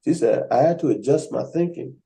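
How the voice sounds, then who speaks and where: A man's voice: mid-range voice, brisk, creaky, poor audio. A man hosting a writers' workshop on a video call, telling stories and acting out the people he quotes. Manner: animated storyteller acting out quoted voices. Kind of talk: casual storytelling on a video call.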